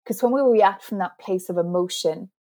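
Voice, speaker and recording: A woman's voice: medium pitch, normal speed, warm tone. A woman author as an interview guest, explaining communication skills earnestly and laughing at herself now and then. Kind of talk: interview conversation.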